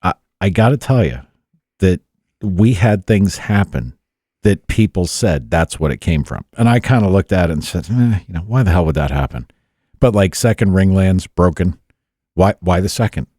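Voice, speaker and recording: Deep, mellow-voiced podcast host. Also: male voice, animated, moderate pace, dry recording, clean studio sound. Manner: rambling, casual, swears freely. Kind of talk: casual studio chat. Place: studio.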